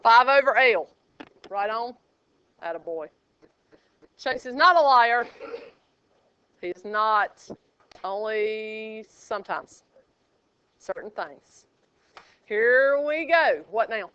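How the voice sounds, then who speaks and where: High, bright, teasing woman teacher. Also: slow pace, pauses often, clean tone. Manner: sassy, teasing and lively with students. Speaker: math teacher. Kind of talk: classroom teaching. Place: classroom. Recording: dull lo-fi classroom recording.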